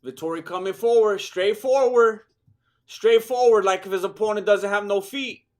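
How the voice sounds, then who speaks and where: A man giving live, joking fight commentary in a hoarse, worn-out voice. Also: high voice, fairly quick. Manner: excitable, joking, sprinkles Spanish slang. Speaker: fight watch-along host.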